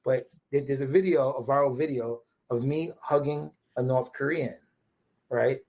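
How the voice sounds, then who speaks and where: A man from Brooklyn with a husky, slightly breathy voice, talking in a New York accent. His voice sits at an ordinary middle pitch, and he tells his story animatedly, restarting phrases and acting out both sides of a conversation. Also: normal speed. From Brooklyn, USA. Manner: animated, repetitive restarts, quotes dialogue with "right?" tags. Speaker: podcast guest. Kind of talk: casual storytelling.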